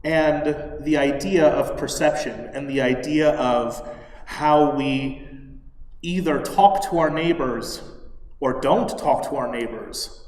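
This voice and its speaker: A man leading a service delivers a sermon, telling a story slowly and clearing his throat from time to time. His voice is a little high. He sounds far from the mic, echoing through a large sanctuary hall. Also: darkish tone. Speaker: service leader. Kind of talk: sermon with a told joke. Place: synagogue sanctuary.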